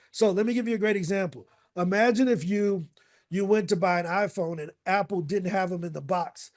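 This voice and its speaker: A high-voiced man leads a casual online coaching call with lots of energy. He repeats points and keeps checking in with his listeners. He sounds like he is on a video call. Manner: energetic, repetitive, fond of rhetorical "right?".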